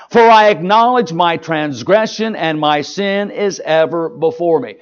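A pastor preaching a sermon, folksy and emphatic, mixing jokes with rising exhortation. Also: male voice, fairly high pitch, unhurried, hardly any pauses, highs cut off.

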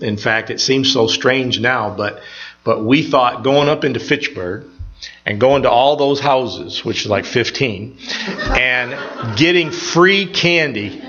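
A man's voice: mid-range voice, fairly bright tone. An older man, a pastor, giving an informal sermon full of personal stories, telling them in a folksy, rambling way with many restarts. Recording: slightly dull, lo-fi sound.

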